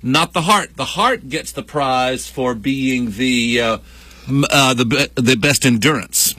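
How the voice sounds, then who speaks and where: A man hosts a morning radio show from the studio, joking with his co-host in a chatty, playful way and repeating himself for laughs. His mid-range voice moves at a measured pace with a bright, forceful tone. It's picked up on a studio microphone with no room sound.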